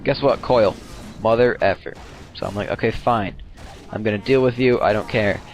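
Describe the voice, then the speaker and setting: A man's voice: lowish voice, moderate pace. A young man casually commenting on his own game replay, rambling, slangy and profane.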